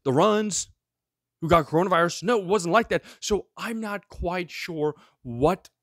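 A man's voice: high-pitched, a little slow, no room sound, studio quality. A man hosting his own show, ranting sarcastically through current events with one rhetorical question after another. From of Greek heritage. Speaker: show host. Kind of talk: ranting solo commentary.

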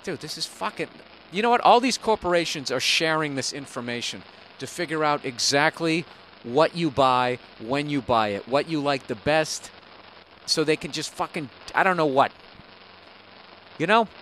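A man's voice: on the high side, expressive, moderate pace, a bit bright, slight background noise, poor audio. A man hosting a podcast, ranting in a rambling, profane, sarcastic way from a hotel room on a single microphone. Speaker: podcast host. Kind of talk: rambling comedic podcast rant. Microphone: single microphone, no headphones.

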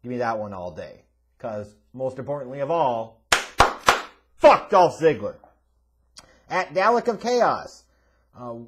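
Blunt, profane man ranting on a Q&A show. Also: fairly high pitch. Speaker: host answering viewer questions. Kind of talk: casual Q&A rant.

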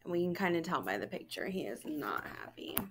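A woman, a school counselor, reading a children's picture book aloud to students in a gentle, storytelling way. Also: low-pitched, big pitch swings, a little fast, very noisy.

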